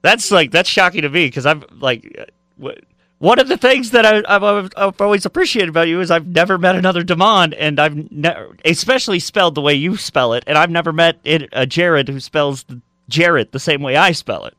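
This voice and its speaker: A man co-hosting a casual sports podcast, rambling with restarts and quick reactions. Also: fairly high pitch, sharp tone, no room sound, clean studio sound. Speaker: podcast co-host.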